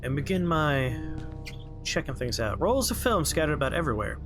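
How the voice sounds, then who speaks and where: A man's voice: a little high, sing-song, brisk. A man streaming a horror game, giving casual, rambling commentary full of jokes and puns. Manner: jokey, rambling asides and puns. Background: horror game music playing clearly.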